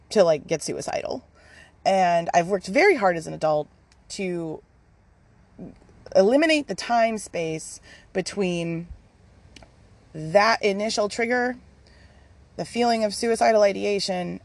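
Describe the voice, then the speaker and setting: A woman's voice: fairly low pitch, creaky, no echo. A woman hosting a casual personal podcast, talking candidly and swearing freely while recording outdoors in a yard. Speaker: podcast host.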